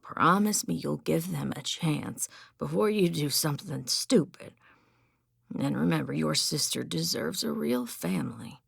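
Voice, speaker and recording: Audiobook: woman as slow, raspy, croaking old male hermit, gruff and stern. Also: sits low, animated, no echo, studio quality, full character voice. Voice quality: croaking, gravelly. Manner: gruff and stern, softening to gentle hush. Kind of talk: audiobook character voice.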